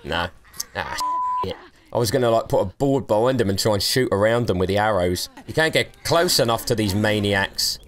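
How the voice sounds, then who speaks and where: A man's voice: on the low side, lively intonation, moderate pace, fairly bright tone. A young man giving let's play commentary, cheeky and taunting, laughing often. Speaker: gaming streamer.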